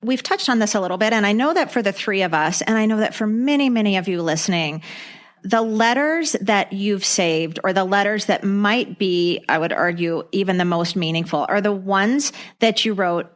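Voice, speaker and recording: A woman's voice: medium pitch, normal speed. A woman in her fifties co-hosting a podcast, earnest and reflective, with short affirming interjections. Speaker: podcast co-host. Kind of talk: casual podcast chat.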